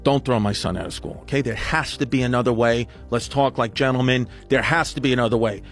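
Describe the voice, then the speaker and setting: A man doing a calm, menacing street-tough dad. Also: medium pitch, fairly quick, soft background music, close to an everyday voice. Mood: calm menace.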